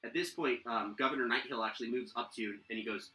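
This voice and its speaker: A man's voice: medium pitch, fast, sharp tone, roomy sound, poor audio. A man narrating a tabletop game as game master, rambling with many fillers and restarts.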